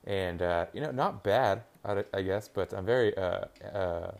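A man's voice: low voice, measured pace, gravelly. A young man chatting casually on his own, rambling and swearing while he reacts to a football game on TV. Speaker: podcast host. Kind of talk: casual solo chat.

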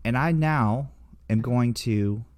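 A man's voice: mid-range voice, slow, no room sound. A man hosting a podcast in casual banter, playful and mock-formal, swearing as he goes. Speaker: podcast host.

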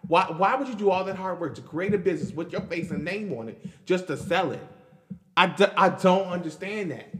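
A man's voice: high-pitched, lively intonation, fairly quick, big-room sound. A man hosting his own podcast in a casual solo monologue, talking emphatically with lots of repeats and stammered restarts. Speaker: podcast host.

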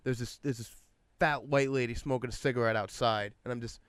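A young man on a podcast, telling stories in an animated way and swearing often. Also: mid-range voice, brisk, clear, resonant tone, no room sound. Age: young adult. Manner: animated storytelling, swears a lot. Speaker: podcast guest. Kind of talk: casual chat. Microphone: podcast mic.

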